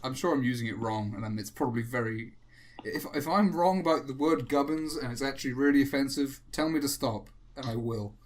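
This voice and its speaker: A man's voice: medium pitch, fairly quick, few pauses. A man hosting a casual chat while drawing, rambling and self-mocking with frequent chuckles. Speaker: host.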